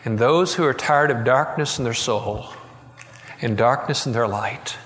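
A middle-aged man preaching a sermon, telling a story and quoting it with slow, soft emphasis. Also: medium pitch, in a large hall. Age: middle-aged or older. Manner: storytelling, quoting, slowing and softening for tender moments. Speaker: pastor.

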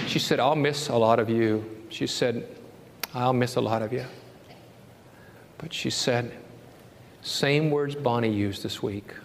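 A man preaching a sermon as pastor, telling a story and rising to an impassioned high pitch when he quotes scripture. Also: slight background noise. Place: church sanctuary. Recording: long hall reverb, faint ambience.

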